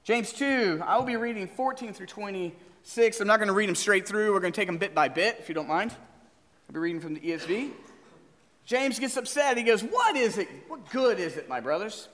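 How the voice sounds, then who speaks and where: A man preaching from the pulpit, keeping up a lively back-and-forth of questions with his congregation. His voice sits high and swings widely in pitch. The long reverb of a church hall trails each phrase. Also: fairly quick. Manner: animated, asks the congregation questions. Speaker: pastor. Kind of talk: sermon.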